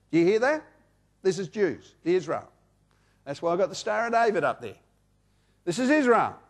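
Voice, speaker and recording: A man's voice: sits high, expressive, moderate pace, pauses often. An Australian man in his sixties preaching a sermon, repeating key phrases for emphasis and reading scripture aloud. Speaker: pastor.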